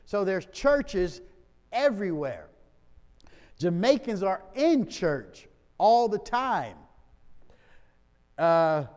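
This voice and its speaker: Slow-talking pastor in a reverberant church. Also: male voice, sits high. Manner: chatty, laughing asides. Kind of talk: church mission report. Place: church sanctuary.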